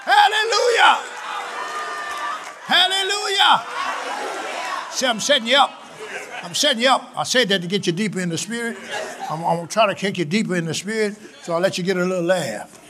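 A man in his seventies preaching a sermon in a church, shouting in rhythmic call-and-response and slipping into folksy, joking asides. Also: high-pitched, fast, a crowd in the background, background noise.

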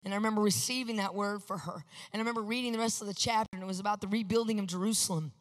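A woman preaching a testimony sermon, emphatic, moving from hushed to loud. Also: mid-range voice, fairly even intonation, rapid-fire, long reverb tail.

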